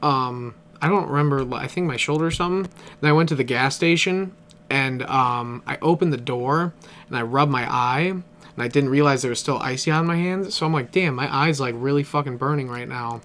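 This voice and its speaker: A man's voice: mid-range voice, fairly quick, a bit bright. A young man co-hosting a podcast, rambling casually with lots of filler words. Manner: rambling, heavy use of filler like. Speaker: podcast co-host. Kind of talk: casual chat.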